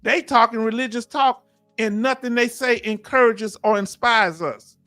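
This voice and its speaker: A man's voice: very high-pitched, moderate pace, bright, forceful tone, no room sound, faint music behind. A man hosting a casual live chat, reading viewer comments and telling folksy family stories. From Texas. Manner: folksy, storytelling, reads chat aloud. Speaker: host.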